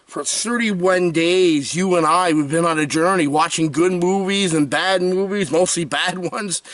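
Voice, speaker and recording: A man's voice: sits high, a little slow, few pauses, a bit bright, dry recording, far from the mic. A man reviewing a horror movie in a comedic vlog, theatrical and jokey, swinging between big cries and mutters.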